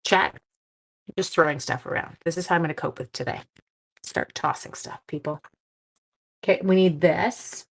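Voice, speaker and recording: A woman's voice: sits low, moderate pace, gravelly, pauses often. A woman hosting a live crafting stream from home, chatting casually and giggling at herself as she demonstrates stamping.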